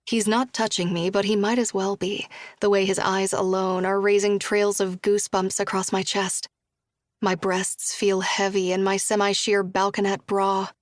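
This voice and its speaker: A woman reads a first-person audiobook in a soft, even voice that rarely moves in pitch. The sound is dry and close, with no room around it, and her dialogue falls to a hushed whisper. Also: moderate pace, dry recording. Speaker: audiobook narrator.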